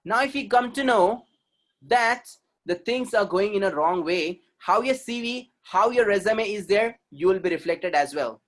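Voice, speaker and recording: A man's voice: sits high, lively intonation, normal speed. A man with an Indian accent gives a webinar talk as a communication trainer. He is emphatic, repeats his points and keeps asking the audience questions. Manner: emphatic and repetitive, asks the audience rhetorical questions.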